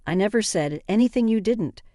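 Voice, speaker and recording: A narrator voicing an angry, defensive husband who sounds accusing and indignant. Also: male voice, high-pitched, lively intonation, fairly quick, dark tone, no room sound, studio quality, voice pushed up. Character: angry, defensive cheating husband, adult man.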